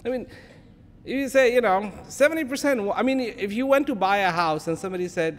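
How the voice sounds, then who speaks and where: A man's voice: expressive, fast. A man giving a public talk in a playful, conversational way, acting out little imagined dialogues. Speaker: speaker. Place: large hall. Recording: long hall reverb, faint background rumble.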